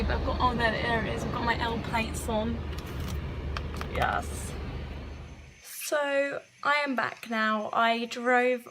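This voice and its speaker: A chatty young woman from England talks to the camera with a fairly high voice, filling her sentences with "like." A faint background hiss sits under her voice. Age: young adult. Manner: chatty, says "like" a lot. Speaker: vlogger. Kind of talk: casual vlog chat. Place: car interior.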